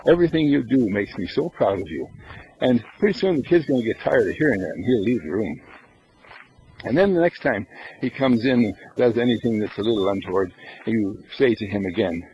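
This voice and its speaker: A man's voice: lowish voice, expressive, brisk, darkish tone, dull audio, a little hiss or hum. A man giving an inspirational spiritual talk, who asks rhetorical questions and answers them himself. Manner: acts out little scenes in everyday voices. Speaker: spiritual lecturer.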